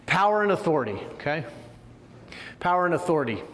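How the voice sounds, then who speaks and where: A man's voice: on the high side, sing-song, quick pace, fairly bright tone, a little hiss or hum. A middle-aged man, a former Air Force group commander, giving a conversational leadership lecture and asking the audience questions. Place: room with a seated audience. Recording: long hall reverb.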